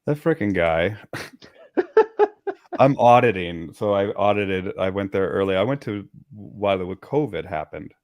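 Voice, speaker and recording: A man hosting a casual dog-training talk, telling stories in an animated way and swearing casually. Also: on the low side, measured pace, dry recording. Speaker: host. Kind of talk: casual chat.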